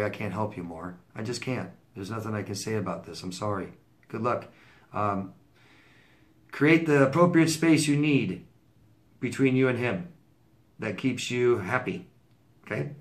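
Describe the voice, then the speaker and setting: This relationship coach answers viewer letters in a casual advice monologue, his voice fairly low. He's blunt, repeats himself for emphasis, and restarts with stammers.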